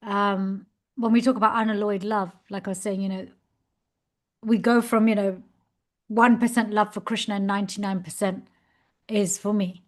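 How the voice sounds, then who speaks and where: A woman giving a devotional class over a video call, telling a story with animated, laughing delivery. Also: medium pitch, normal speed.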